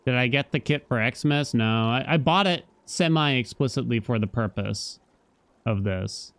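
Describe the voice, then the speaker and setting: This male streamer commentates live on his own gameplay in an unhurried, mid-range voice with no echo. He's excitable, yelping and swearing at the game, and chats with viewers between moments.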